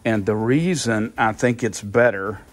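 Slow-talking older man, low voice, muttering and repeating himself as he builds in his garage. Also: faint music behind. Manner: rambling, thinks aloud, repeats himself. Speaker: car builder, channel host. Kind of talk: casual workshop vlog.

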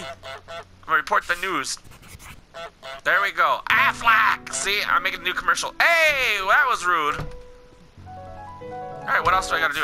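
A young man giving casual, excitable gameplay commentary, talking at the game characters in slangy speech. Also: a little high, rough recording. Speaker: gaming channel host.

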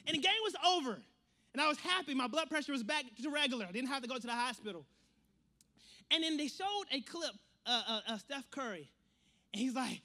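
A man preaching a sermon in an animated way, repeating phrases and acting out quotes. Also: very high-pitched, brisk.

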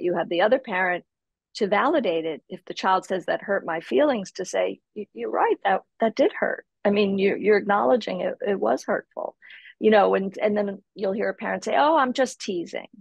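Gravelly husky woman therapist guest, reflective, kinda dull lo-fi audio. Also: mid-range voice, moderate pace, dry recording. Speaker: psychotherapist guest. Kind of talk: casual podcast interview.

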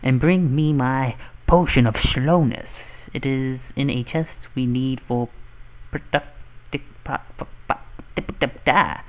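A man's voice: medium pitch, takes it slowly, close to an everyday voice. A man doing a quest-giving Christmas elf. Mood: bargaining. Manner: mock-formal, reading out quest text. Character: quest-giving male Christmas elf with a bungled foreign accent.

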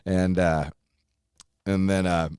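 A man's voice: low-pitched, flat delivery, slow, darkish tone, smooth, no room sound, studio quality. A middle-aged man from Virginia, a podcast guest telling a story in a rambling, profane way and laughing often. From Virginia, USA. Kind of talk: casual storytelling.

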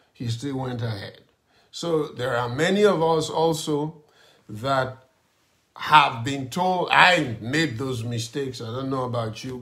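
A male pastor preaching a sermon and telling a personal testimony in a slow, dramatic storytelling manner. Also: medium pitch, fairly bright tone. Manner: slow, dramatic storytelling with grumbling asides and laughs.

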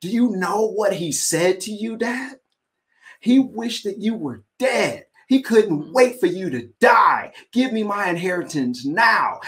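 A man's voice: sits high, a bit bright, pitched above the performer's own voice, full character voice. A man preaching and voicing an angry, resentful elder son who feels cheated by his father. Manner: indignant, bitter, rising to outbursts.

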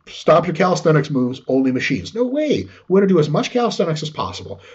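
A man's voice: on the high side, sing-song, quick pace, breathy edge, lo-fi sound. A man as a podcast guest who talks about training, swearing freely and acting out little dialogues. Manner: profane, acts out little dialogues. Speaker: podcast guest, sport scientist. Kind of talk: animated podcast conversation.

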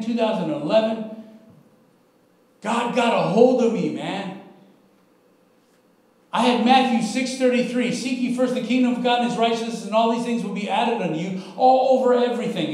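Male pastor, high tenor voice, candid storytelling sermon, very reverberant church room. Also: darkish tone. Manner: candid storytelling, chuckles often, calls listeners "man". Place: church sanctuary.

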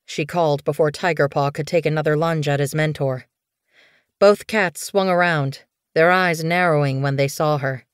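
A woman narrating an audiobook in a measured, expressive storytelling manner. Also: deep voice, clean tone, no room sound, studio quality.

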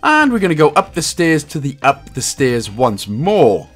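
A man narrating a game walkthrough, joking around and slipping into silly high voices. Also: wildly swooping pitch, unhurried, a bit bright. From Wales. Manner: bursts into silly high-pitched voices and laughs at own jokes. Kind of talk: jokey game walkthrough commentary. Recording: faint game music underneath.

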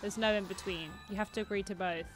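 A woman's voice: medium pitch, steady tone, quick pace, soft background music. A young woman hosting a live stream, chatting playfully through gameplay commentary and teasing the game.

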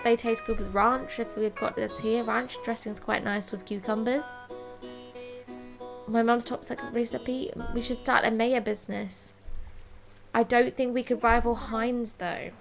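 A woman's voice: on the high side, gravelly. A woman giving rambling, chatty, self-deprecating commentary while playing a video game. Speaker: let's play host. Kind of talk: casual gameplay commentary.

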